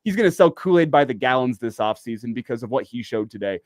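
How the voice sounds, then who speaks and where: A man's voice: medium pitch, animated, fast, no room sound, clean studio sound. A man co-hosting a sports talk radio show, making his points in an emphatic, argumentative way. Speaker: radio co-host.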